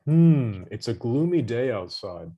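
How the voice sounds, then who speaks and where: A man teaches English vocabulary online, his voice sitting at an ordinary middle pitch. He is patient and encouraging, giving hints and warm praise. The sound comes through a video call. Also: big pitch swings, unhurried, lo-fi sound. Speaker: English tutor.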